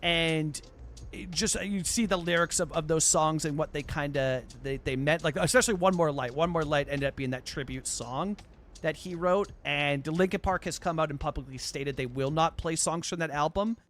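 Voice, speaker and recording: A man live streaming, chatting casually with his viewers in an excited, rambling way, full of restarts and fillers. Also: a little high, moderate pace, slight background noise. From Canada. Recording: faint music behind the voice.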